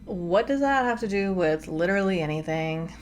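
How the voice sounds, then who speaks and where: A woman's voice: lowish voice, animated, a little hiss or hum. A woman hosting a reaction commentary from her home desk, talking emphatically and with exasperation. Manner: exasperated, emphatic, fast asides. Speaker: commentary host. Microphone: desk microphone.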